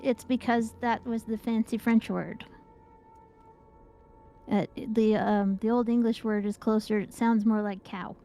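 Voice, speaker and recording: Chatty woman gamer, fairly high voice. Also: fairly even intonation, measured pace, mellow, soft background music. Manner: chatty, explains things at length with laughs. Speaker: gaming group member. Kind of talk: casual chat while gaming.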